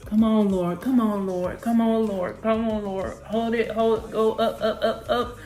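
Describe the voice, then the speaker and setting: A woman's voice: a little high, little pitch movement, measured pace, mellow, reverberant, faint music behind. A woman hosting a live trading session, urging the chart on aloud and calling on the Lord as she talks. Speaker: trading channel host.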